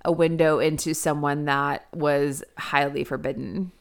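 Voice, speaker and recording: A woman's voice: deep voice, steady tone, a little slow, creaky, clear, resonant tone. A woman co-hosting a podcast, talking frankly and casually about a movie, swearing freely and saying "like" a lot. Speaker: podcast co-host. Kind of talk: casual movie review chat.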